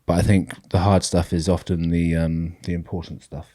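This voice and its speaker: A British man co-hosting a podcast, talking in a relaxed, reflective way and giving measured advice. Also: deep voice. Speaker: podcast co-host. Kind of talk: casual chat.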